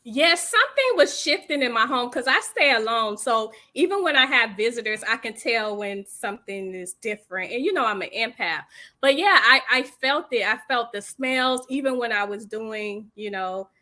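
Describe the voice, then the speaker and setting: A woman's voice: a little high, lively intonation, normal speed, sharp tone. A woman guest chatting casually and agreeing often with the host. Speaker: guest, client. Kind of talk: casual chat.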